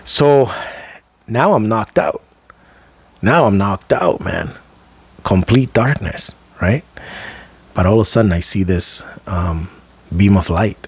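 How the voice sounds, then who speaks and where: A man co-hosting a podcast, telling a personal story in a loose, conversational way, with slang asides and dramatic slowdowns at key moments. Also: on the low side, animated, husky. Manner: vivid, emphatic storyteller who slows down for dramatic moments. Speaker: podcast co-host. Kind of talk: casual storytelling chat.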